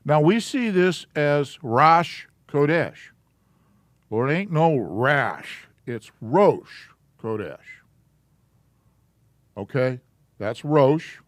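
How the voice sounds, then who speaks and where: Man, classroom teacher, slow explanations, smooth clear voice. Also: a little high, lively intonation, dry recording. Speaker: Hebrew alphabet teacher. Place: church classroom.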